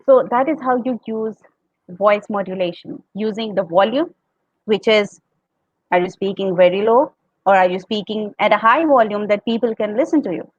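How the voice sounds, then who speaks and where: A woman's voice: medium pitch, moderate pace, no echo, dull audio. A woman with an Indian accent on a podcast, explaining public speaking tips and acting out sample tones. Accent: Indian English. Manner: explanatory, demonstrates tones, laughs often.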